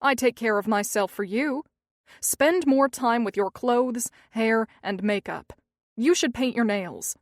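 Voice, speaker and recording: A domineering young husband, arrogant and resentful, barks his demands in a scolding tone, as a woman narrator puts him on. The voice sits a little high, and the audiobook recording is dry and close. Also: measured pace, no room sound. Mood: lecturing.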